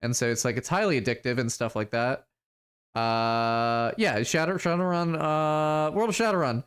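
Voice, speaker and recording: A man's voice: medium pitch, normal speed, a bit bright, clear, resonant tone. Casual, swearing male streamer. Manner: casual, swears freely, self-deprecating. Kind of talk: casual let's-play commentary.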